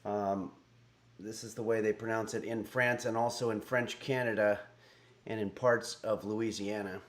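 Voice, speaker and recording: A middle-aged man hosting a cooking livestream, talking in a deadpan, halting way with frequent fillers. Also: lowish voice. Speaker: cooking stream host. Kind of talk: casual livestream chat.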